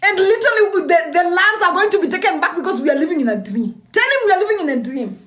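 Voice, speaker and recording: Woman speaker, high-pitched, fervent, laughs through her points, echoey room. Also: animated, fast talker, a bit bright. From East Africa. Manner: emphatic, repeats lines, laughs often. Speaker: spiritual speaker. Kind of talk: impassioned spoken address. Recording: roomy echo.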